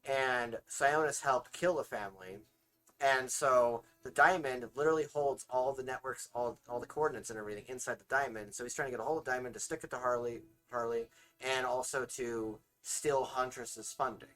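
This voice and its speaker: A man co-hosting a casual film review with his wife, relaxed, correcting names and filling in plot points. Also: medium pitch, normal speed.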